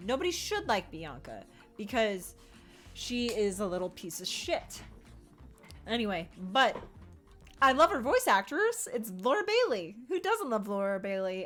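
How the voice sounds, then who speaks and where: A young woman with a mid-range voice chats casually on her stream, excitable and breaking into laughs and playful swearing as she acts out little quotes. Her talk rises and falls with enthusiasm, and faint music plays in the background.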